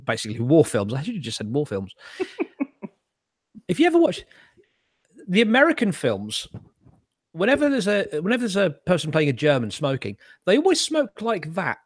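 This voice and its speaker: Chatty host, male: high-ish, wildly swinging voice, rambling and sweary, giggles at his own gags, dry close sound. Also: huge pitch swings, moderate pace, pauses often, no echo. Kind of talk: casual chat. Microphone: video call.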